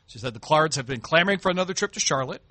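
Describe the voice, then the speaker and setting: Fast-talking, bright-voiced sports radio host, lively and emphatic, dry studio sound. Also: male voice, on the high side, dry recording. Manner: animated, emphatic. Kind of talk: sports talk banter.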